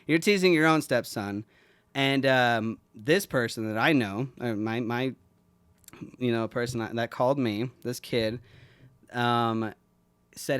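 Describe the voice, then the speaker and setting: A man's voice: mid-range voice, measured pace, a bit bright, clean tone, no echo. A man hosting a podcast, telling an emotional story in a rambling, profane, heartfelt way. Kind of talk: casual heartfelt chat.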